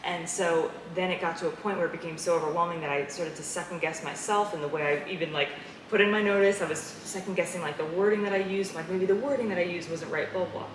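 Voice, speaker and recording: A woman in a casual interview conversation, an animated storyteller who laughs often. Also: on the low side, fast. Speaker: guest. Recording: echoey room with clear background noise.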